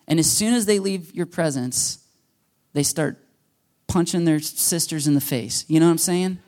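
A man's voice: fairly high pitch, moderate pace, a little mellow. A man preaching a sermon to his church, talking in a conversational way, joking and acting out little quoted voices. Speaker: pastor.

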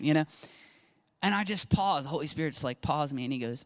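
A middle-aged man preaching a sermon, telling a story with lively acted-out dialogue. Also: a little high, fast. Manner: animated storytelling, acting out dialogue. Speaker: pastor. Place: church sanctuary.

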